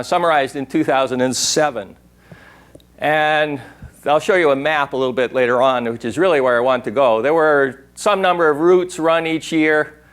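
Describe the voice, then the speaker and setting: An older man giving a workshop talk in a lecture room, rambling and digressive, now and then imitating an owl's call. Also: mid-range voice. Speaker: workshop speaker. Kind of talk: conference talk.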